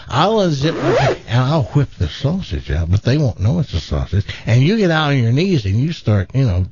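A man's voice: medium pitch, husky, dry recording. A male radio host telling a long joke, acting out the characters as he goes. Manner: animated storyteller, acts out characters. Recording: dull lo-fi radio broadcast.

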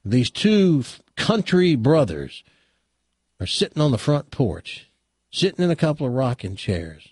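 A man's voice: mid-range voice, very animated, unhurried, a little mellow, slightly rough, no room sound, clean studio sound. A man on talk radio telling a long joke in a folksy, drawling storytelling manner.

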